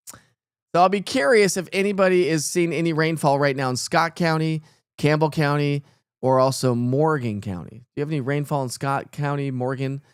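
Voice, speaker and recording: A man's voice: fairly high pitch, smooth, no echo, studio quality. A middle-aged man, hosting a casual live weather stream and greeting viewers by name. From East Tennessee.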